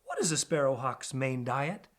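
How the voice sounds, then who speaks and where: A man reading as a calm, wise falcon. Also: moderate pace. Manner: calm, low and advising. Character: practical, wise male peregrine falcon. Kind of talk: storybook reading.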